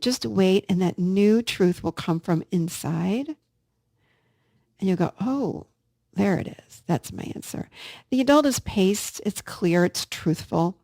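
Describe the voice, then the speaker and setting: A woman podcast host speaks in an earnest, encouraging way, addressing her listeners directly. Her mid-range voice carries a gravelly vocal fry. The recording is close and dry, with no room sound. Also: mid-range voice, a little mellow, no room sound. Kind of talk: casual self-help podcast talk.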